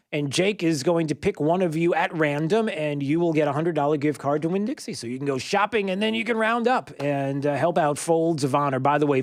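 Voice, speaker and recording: Animated talk radio host, dry sound. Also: male voice, on the high side, dry recording. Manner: animated, full of fillers and sarcastic asides.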